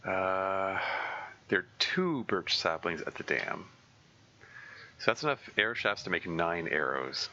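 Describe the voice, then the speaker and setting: Low-voiced man thinking aloud while streaming. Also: big pitch swings, pushed and bright, highs cut off. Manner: halting, thinking aloud with many fillers and restarts. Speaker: game streamer. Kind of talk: casual live gameplay commentary.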